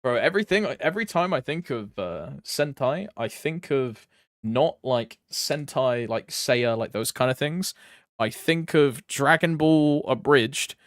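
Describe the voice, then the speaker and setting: A man streaming live, talking into a desk mic in loose, slangy chatter that often trails off into laughter. His pitch swings in a lively, animated way while his pace stays slow and unhurried. The sound is dry and close, with no room around it. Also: no echo. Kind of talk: casual live stream commentary.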